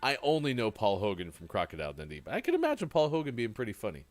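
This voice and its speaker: A male morning show host with a lively, swooping voice that rises and falls freely. He talks casually and jokes as he goes, with faint music playing under him. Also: on the low side, rapid-fire, dry recording. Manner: lively, joking, rambling delivery. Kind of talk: casual live-stream radio chat.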